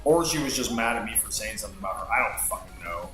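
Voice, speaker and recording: A man rambles through a story while he plays, with heavy swearing and many fillers. His voice is bright, and the recording sounds roomy with echo. Faint game music plays underneath. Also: lowish voice, lively intonation, quick pace. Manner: rambling, heavily profane, filler-laden. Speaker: streamer. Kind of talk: casual storytelling while gaming.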